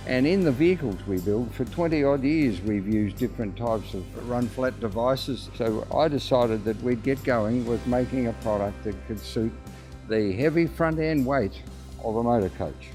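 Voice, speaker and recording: A man's voice: mid-range voice, mellow. An Australian man, a company founder, explaining a product in a casual way with frequent fillers and restarts. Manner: hesitant, many restarts and fillers.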